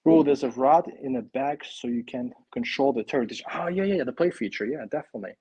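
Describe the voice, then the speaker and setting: A man hosting a casual live stream, chatting excitedly and thinking aloud while he builds a toy kit. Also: medium pitch, fast, husky, highs cut off.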